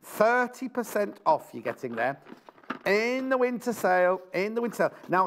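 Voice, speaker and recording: British TV shopping host, lively up-and-down delivery, chatty, keeps repeating himself. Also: male voice, fairly high pitch, gravelly. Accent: British English. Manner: chatty, exclamatory, repeats prices and phrases. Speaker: shopping channel presenter. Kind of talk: live TV sales presentation.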